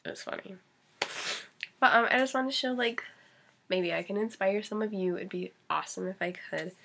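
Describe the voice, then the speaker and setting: A woman's voice: mid-range voice, normal speed, gravelly, bright, forceful tone. A young woman chatting casually through a makeup tutorial, rambling and giggly with lots of likes and ums, a bit sniffly. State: face-painted, sniffly and sneezing. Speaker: makeup vlogger.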